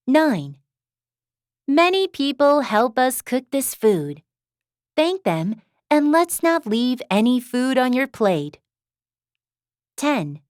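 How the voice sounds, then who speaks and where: Slow, lively-voiced woman reading gently. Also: high voice, no echo, studio quality. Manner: gentle, slow and clearly enunciated, as if speaking to a child. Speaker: example sentence reader. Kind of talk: scripted reading of parenting phrases.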